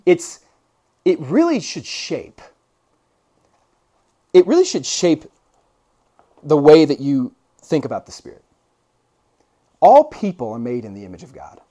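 A man's voice: on the high side, very animated, unhurried, pauses often, mellow. A man preaching a conversational sermon, telling stories with asides and rhetorical questions. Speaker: pastor.

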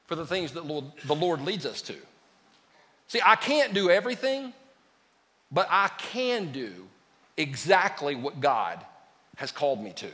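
A man preaching a lively sermon as a pastor, joking with his congregation. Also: fairly high pitch, big-room sound. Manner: lively, joking with the congregation, calls them "y'all". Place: church sanctuary.

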